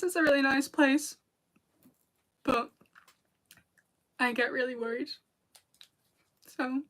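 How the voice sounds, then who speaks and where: A woman's voice: sits high, takes it slowly, long pauses, pushed and bright. A British woman chatting casually with viewers on a livestream, rambling and laughing often. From Britain. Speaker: video creator and streamer.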